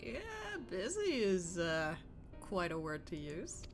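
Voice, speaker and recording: A young woman streaming a game, chatting casually with giggly, animated reactions. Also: lowish voice, slow pace, creaky, faint music behind.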